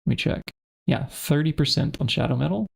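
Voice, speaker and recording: A man's voice: a little high, lively intonation, a little fast, gravelly, breathy edge. A man streaming a modded game, chatting casually and thinking aloud as he searches through items. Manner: thinks aloud, muttering to himself while searching. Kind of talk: casual gameplay commentary.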